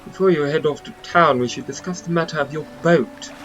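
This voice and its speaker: A man voicing a posh, smooth-talking English male mayor with formal, polished speech. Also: fairly high pitch, fairly quick, fairly bright tone, lo-fi sound, soft background music, lightly acted. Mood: courteous.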